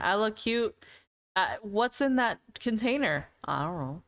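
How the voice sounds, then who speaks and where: A woman's voice: mid-range voice, expressive, measured pace, a bit bright. A woman streamer in casual live-stream chat with viewers, playful and teasing, laughing often between remarks.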